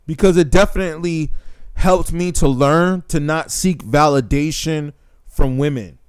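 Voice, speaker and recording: Blunt emphatic man, smooth clear voice. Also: fairly high pitch. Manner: blunt, emphatic, keeps saying "man" and "right?". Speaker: channel host. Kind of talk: casual monologue to camera.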